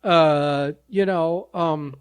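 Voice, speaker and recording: A man's voice: on the high side, steady tone, drawn-out words, clean tone, no echo. A man co-hosting a casual podcast chat, ranting bluntly and with a lot of swearing between bursts of laughter. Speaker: podcast co-host.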